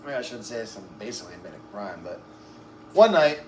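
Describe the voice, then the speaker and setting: A man's voice: lowish voice, very animated, quick pace, darkish tone. Man, casual rambling storyteller, profane, lots of filler, slightly breathless, echoey room, faint background noise. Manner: rambling, profane, peppered with "like" and "right?". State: breathless, uses oxygen. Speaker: interview guest.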